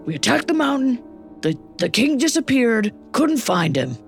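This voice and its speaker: A woman voicing a frustrated male leader who demands more orcs, loud and complaining. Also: fairly high pitch, sing-song, normal speed, vocal fry, soft background music, voice pushed up.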